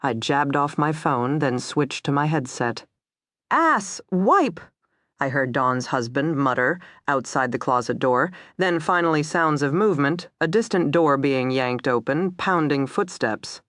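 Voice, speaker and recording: A narrator reading a crime thriller aloud in first person, tense and steady. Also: medium pitch, unhurried, hardly any pauses, no room sound, clean studio sound.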